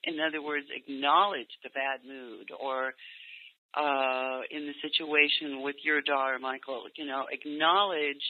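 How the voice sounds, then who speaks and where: Man, parenting coach, gentle, slightly high-pitched, phone-line sound. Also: flat delivery, unhurried. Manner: gentle, acts out parent and teen lines in quotes. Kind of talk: coaching session over a call. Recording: tinny phone line, dry.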